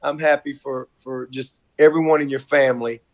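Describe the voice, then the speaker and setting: A man's voice: medium pitch, fairly even intonation, moderate pace. A middle-aged man, a college football coach speaking over a video call, heartfelt, effusive and repetitive. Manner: warm, effusive, repetitive, folksy.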